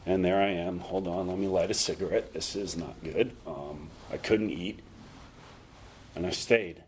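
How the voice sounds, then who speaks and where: A man with a lowish voice tells his recovery story to a meeting. He is frank and self-mocking, and he keeps his dry jokes at his own expense. He shifts easily from humor to quiet, serious moments. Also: fairly even intonation, moderate pace, a little hiss or hum. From North Carolina. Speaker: recovery speaker.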